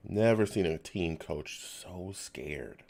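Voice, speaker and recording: A man's voice: low-pitched, expressive, slow pace, gravelly, a little mellow. A man hosting a live fan reaction show, talking casually and sounding exasperated. He sighs, repeats himself and drops to a near whisper. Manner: exasperated, sighing and muttering.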